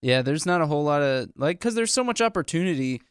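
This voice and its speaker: A man's voice: on the high side, lively intonation, fast talker, smooth, dry recording. A young man co-hosting a podcast, trading dry, sarcastic jokes in casual chat. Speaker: podcast co-host.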